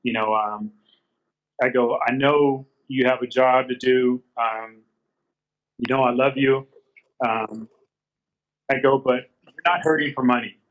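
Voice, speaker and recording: A man speaks as an interview guest, retelling a phone conversation line by line with quoted dialogue. His voice is bright and forceful, and it comes through a dull, lo-fi remote call from a garage. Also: medium pitch, steady tone, a little slow, pauses often. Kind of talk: casual storytelling interview.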